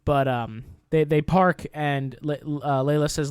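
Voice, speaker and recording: A man's voice: a little high, a little slow, clean tone. Upbeat podcast guy recapping a show. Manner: animated, swears casually, recaps the plot. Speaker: podcast co-host. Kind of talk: casual chat.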